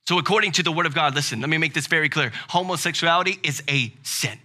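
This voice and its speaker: A male pastor with a Southern American accent delivering a sermon, building to loud, emphatic preaching and then dropping to a quiet tone. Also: fairly high pitch, fast talker.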